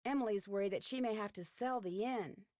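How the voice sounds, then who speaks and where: A woman voicing a calm, earnest teenage girl detective in a video game, speaking clearly and matter-of-factly. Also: medium pitch, a little fast, no echo, studio quality, close to an everyday voice. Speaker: game character.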